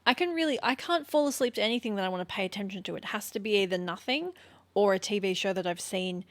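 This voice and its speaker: A woman's voice: mid-range voice, expressive, quick pace, dry recording. Chatty playful female podcast co-host. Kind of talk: casual chat.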